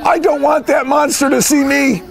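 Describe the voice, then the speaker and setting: A man voicing Frog, a caring male frog in a children's storybook reading, who gasps and worries and then speaks kindly and calmly. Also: extremely high pitch, moderate pace, vocal fry, over a noisy crowd, heavy background noise, pitched above the performer's own voice. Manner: gasping and worried, then calm and kind.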